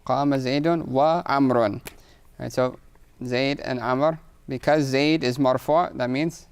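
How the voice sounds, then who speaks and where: A man's voice: medium pitch, steady tone, a little slow, clear, resonant tone. A man teaching an Arabic grammar lesson, explaining patiently and reading Arabic examples aloud, often checking in with "right?". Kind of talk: recorded online lesson.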